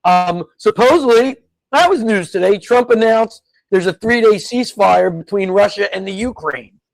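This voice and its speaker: A man's voice: high voice, lively intonation, moderate pace, gravelly, dry recording, low-quality recording. A man co-hosting a casual political chat from his home garage, blunt, dismissive and matter-of-fact. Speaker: co-host.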